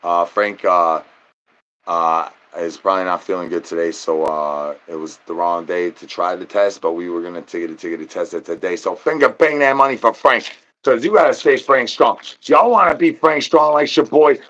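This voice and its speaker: A man's voice: low-pitched, normal speed, a bit bright, dull audio. Goofy man rambling in sing-song slang. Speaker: livestreamer. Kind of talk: rambling livestream chat.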